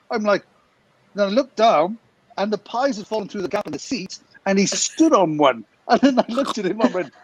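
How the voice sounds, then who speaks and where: A man, co-hosting a podcast, tells a funny story in a casual, animated way and laughs as he goes. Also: sits high, moderate pace, slight background noise, rough recording. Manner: animated, laughs through his story, acts out quotes.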